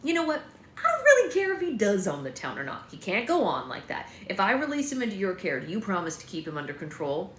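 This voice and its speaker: A woman's voice: on the low side, lively intonation, fast talker, few pauses, a bit bright, roomy sound, far from the mic, slight background noise. A woman voicing a stern, exasperated small-town male sheriff in a read-aloud of her own novel. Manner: stern, firm.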